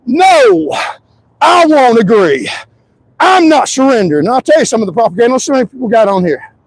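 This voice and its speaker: A man with a strikingly high voice holds forth on a livestream. He speaks insistently, repeats his points and drags out key words, now and then raising his voice to a shout. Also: big pitch swings, fast talker, dry recording, rough recording. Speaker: livestream commentator. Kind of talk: emphatic livestream monologue.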